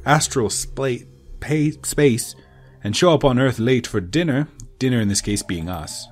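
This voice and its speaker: Man doing a flamboyant elf, theatrical, playful, lively pitch, faint music behind. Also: lightly acted. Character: flamboyant painted elf, male, theatrical and impatient.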